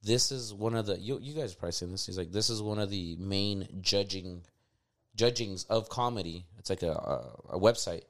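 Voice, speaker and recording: A man in casual chat who tells stories with energy, acts out quotes loudly and swears freely. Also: on the low side, moderate pace.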